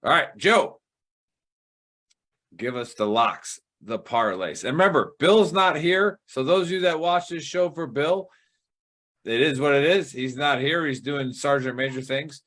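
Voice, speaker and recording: A man's voice: fairly high pitch, unhurried, a bit bright. A man hosting a casual sports betting podcast, talking in a rambling way and swearing casually. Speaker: show host.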